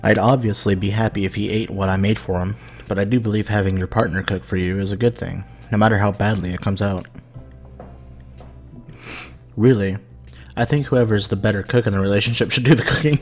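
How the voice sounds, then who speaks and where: A man's voice: lowish voice, fairly even intonation, fast, faint music behind, natural voice. A man voicing an earnest young woman android from a visual novel, speaking in a patient, reasoning way.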